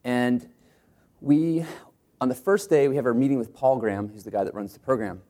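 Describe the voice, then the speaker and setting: Man, co-founder storyteller, animated, does quick voices in his anecdotes. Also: mid-range voice. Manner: animated, acts out quotes in put-on voices. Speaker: startup co-founder telling his company's story. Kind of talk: storytelling talk to an audience.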